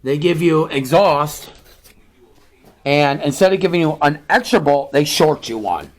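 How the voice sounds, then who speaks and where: A man's voice: a little high, animated, unhurried. A man hosting his own vlog, talking casually to viewers about a truck engine build and ranting in frustration. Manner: frustrated, ranting, keeps saying "you guys".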